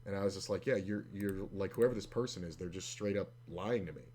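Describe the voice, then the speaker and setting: A man's voice: deep voice, a little fast, a little mellow. A man streaming online poker from home, talking through his hands and chatting casually with muttered, frustrated asides. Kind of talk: casual poker commentary and chat. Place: home room at a computer. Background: faint hum and keyboard clicks.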